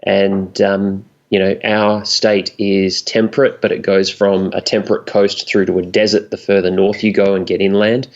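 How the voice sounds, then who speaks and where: A wry South Australian man in his forties chats easily as a guest, his voice sitting low in pitch. The sound is muffled and lo-fi, like an online call. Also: flat delivery, normal speed, hardly any pauses. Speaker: guest, wrestling commentator. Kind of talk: casual chat.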